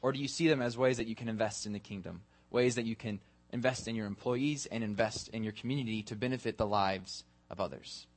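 A man's voice: on the low side, brisk, hardly any pauses. Man preaching earnest questions. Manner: earnest questioning, building to a led prayer. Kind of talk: sermon. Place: church sanctuary.

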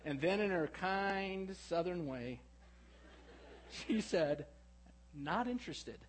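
A middle-aged male preacher with a notably high-pitched voice delivers a sermon. He slips from quiet, hushed reflection into lively, animated storytelling. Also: slow, low-quality recording.

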